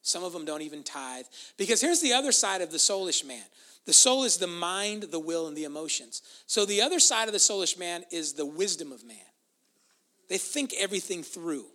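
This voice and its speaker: A pastor delivering a lively sermon, with a voice that leaps up on emphasis and drops low for quiet asides. The tone is bright and forceful. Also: normal speed.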